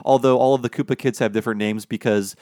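A man talks casually as co-host of a podcast about old cartoons, tossing in quick jokes and asides. His voice sits at a middling pitch. The recording is close and dry, with no room sound. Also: fairly even intonation, warm tone, no echo. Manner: chatty, jokey, quick asides.

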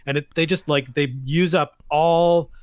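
A man's voice: on the high side, steady tone, measured pace, clean tone, no room sound, clean studio sound. A man hosting a casual podcast discussion, wry and steering the conversation. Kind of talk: casual chat.

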